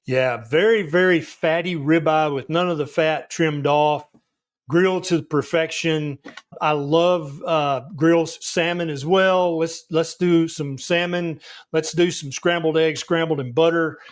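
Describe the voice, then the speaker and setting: Emphatic Southern US man, fairly high. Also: steady tone, a little slow. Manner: emphatic, reassuring, frank. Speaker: doctor guest. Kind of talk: interview answers.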